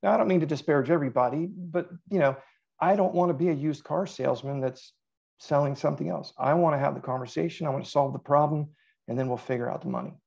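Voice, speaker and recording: A middle-aged man talking casually as a podcast guest, telling animated stories and quoting himself. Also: a little high, fast, vocal fry, slightly rough, lo-fi sound. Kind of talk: casual interview chat.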